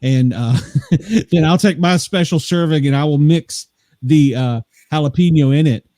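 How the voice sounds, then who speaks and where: A man from the American South chatting easily on a podcast, pausing often with fillers. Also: a little high, mellow, no room sound. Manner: easygoing, halting, lots of fillers. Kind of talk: casual podcast chat.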